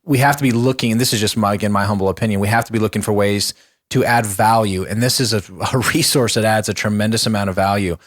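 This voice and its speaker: An earnest man co-hosts a casual podcast, pressing his points with emphasis. His voice is on the low side and recorded dry and close. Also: steady tone, quick pace, no echo. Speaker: podcast co-host. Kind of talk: casual chat.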